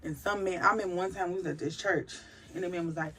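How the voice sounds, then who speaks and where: A pregnant woman and mother of a big family, talking to camera about faith in an emphatic, animated, storytelling way. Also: lowish voice, fast talker, slightly rough. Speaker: vlogger, mother of a large family. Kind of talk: candid faith-filled personal talk to camera.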